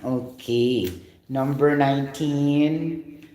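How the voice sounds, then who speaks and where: A man's voice: mid-range voice, steady tone, drawn-out words, dark tone, reverberant, low-quality recording. A man giving a casual English vocabulary lesson, talking loosely and often asking whether listeners get the point. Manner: talky, repeats "you get the point", spells words out. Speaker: English teacher.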